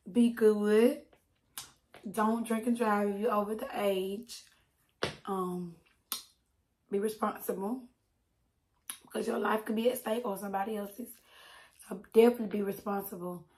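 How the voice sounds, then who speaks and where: Southern woman, mukbang host, hoarse and deep, chatty with y'all. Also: a little mellow. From Alabama, US. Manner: chatty and affectionate, says y'all. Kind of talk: casual eating-show chat.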